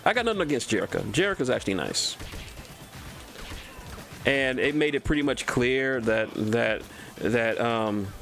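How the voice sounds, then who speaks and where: A man's voice: mid-range voice, lively intonation, moderate pace, pauses often, fairly bright tone, soft background music. A man from Texas streaming a game, rambling through cartoon trivia, often stumbling and repeating words and swearing casually. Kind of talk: casual gameplay commentary.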